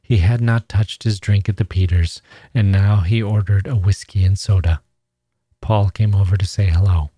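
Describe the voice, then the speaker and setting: A man, a podcast host, reading a classic short story aloud in a measured, even way. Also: fairly low pitch, slightly rough, no room sound.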